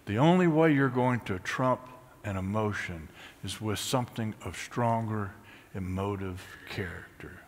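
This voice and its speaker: A pastor preaching a sermon, swinging from high, excited bursts to hushed, near-whispered lines. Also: male voice, in a large hall, a little hiss or hum. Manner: animated, rising to high excited peaks then dropping to hushed near-whispers.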